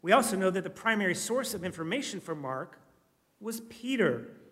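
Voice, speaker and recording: A man's voice: sits high, sing-song, normal speed, a bit bright. A man preaching a sermon in a conversational, reflective way, now and then asking his listeners a question. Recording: reverberant hall.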